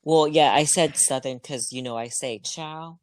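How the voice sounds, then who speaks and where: A man co-hosting a podcast in casual chat, blunt and quick to disagree. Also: medium pitch, no echo. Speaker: podcast co-host.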